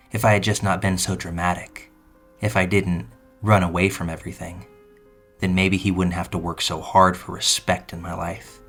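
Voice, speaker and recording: Deep, flat-voiced male narrator. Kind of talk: scripted narration of a true story. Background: faint music.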